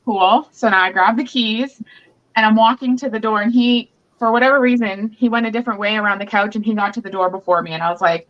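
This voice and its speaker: Blunt, bright-voiced woman telling her story. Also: medium pitch, fairly quick, lo-fi sound. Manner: candid and blunt, swears freely. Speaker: guest. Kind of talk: personal storytelling on a podcast.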